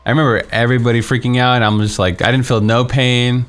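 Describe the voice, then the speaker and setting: A man's voice: mid-range voice, level tone, fast, clear, resonant tone, faint music behind. A young man streaming a game, telling a story in a casual, rambling way with many fillers and restarts. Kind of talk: casual storytelling while playing.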